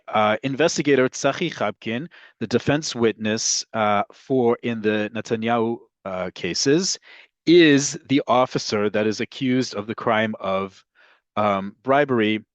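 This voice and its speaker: A man's voice: fairly low pitch, unhurried, dry recording. Man teaching Hebrew grammar, dry sound. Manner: explanatory, repeats "right?" to check understanding. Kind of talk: online language lesson.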